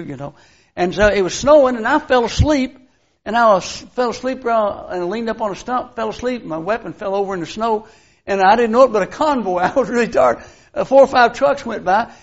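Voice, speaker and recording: An older preacher with a high voice tells homely stories from the pulpit. He drops to near murmurs, then bursts into loud cries of wonder. The recording sounds a little muffled and lo-fi. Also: creaky. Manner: folksy storytelling, swinging from hushed to loud exclamations. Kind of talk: sermon.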